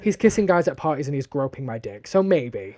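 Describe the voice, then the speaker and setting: A man's voice: mid-range voice, very animated, a little fast, dark tone. A young man with a Northern English accent, co-hosting a podcast and telling a story bluntly, with a lot of swearing. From northern England. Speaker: podcast co-host. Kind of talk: casual podcast chat.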